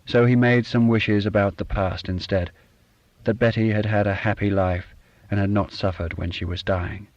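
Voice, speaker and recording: A man reading literary fiction aloud as an audiobook narrator, measured and even. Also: fairly low pitch, dry recording, dull audio.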